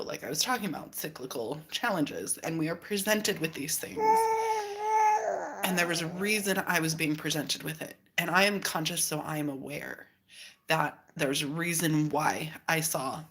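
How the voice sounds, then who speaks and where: Host, woman, 30s, low pitch, candid reflective monologue with animated quoted asides. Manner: candid, animated storytelling with laughs and acted-out quotes.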